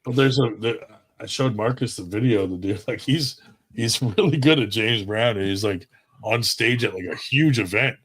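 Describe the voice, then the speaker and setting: A man's voice: lowish voice, normal speed, a bit bright, breathy edge. A man hosting a podcast in loose, rambling casual chat, swearing freely. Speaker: podcast host.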